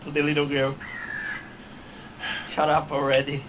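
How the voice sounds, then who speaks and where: A man's voice: fairly high pitch, completely flat delivery, unhurried, heavy background noise. A man playing a tabletop game who hesitates and asks the game master a lot of questions. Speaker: player. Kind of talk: casual tabletop play.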